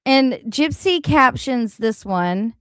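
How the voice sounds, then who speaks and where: A woman hosting a reaction livestream, talking in a blunt, animated and profane way about the clips she plays. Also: a little high, slow, smooth, dry recording, clean studio sound. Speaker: livestream host. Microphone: home streaming mic.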